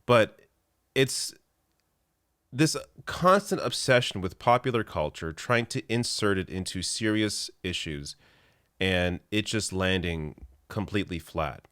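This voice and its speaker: Man, very deep voice, dry close sound, political commentary host, sarcastic and exasperated. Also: lively intonation, unhurried, a bit bright, dry recording. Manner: exasperated, sarcastic, laughing now and then.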